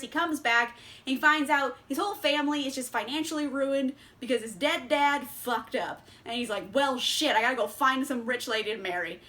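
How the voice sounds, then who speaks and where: A woman's voice: high voice, sharp tone. Bubbly, giggly woman chatting about books. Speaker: book vlogger. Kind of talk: casual book haul chat.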